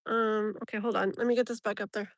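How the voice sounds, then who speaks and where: A woman's voice: medium pitch, level tone, fast talker. A woman tarot reader chatting casually on a live stream from her phone, rambling and laughing often.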